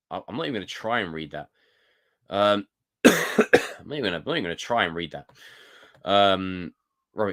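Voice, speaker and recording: An animated young man from the UK hosts a solo live stream and chats to his viewers. His pitch swings widely as he talks. He reads comments aloud and answers with quick jokes. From United Kingdom. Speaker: livestream host. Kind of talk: casual live-stream chat.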